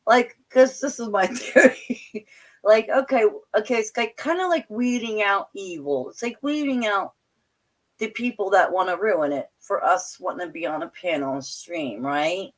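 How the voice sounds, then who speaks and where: A woman's voice: medium pitch, animated, normal speed. Chatty woman hosting a stream. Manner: chatty, questioning, laughs often. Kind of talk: casual panel chat.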